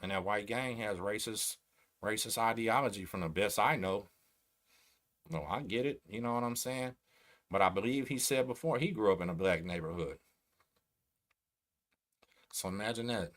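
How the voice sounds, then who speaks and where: A middle-aged man from Texas with a Texan accent, hosting a casual livestream and talking slowly, bluntly and streetwise. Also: on the low side, fairly bright tone. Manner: slow, blunt, streetwise talk. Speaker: host.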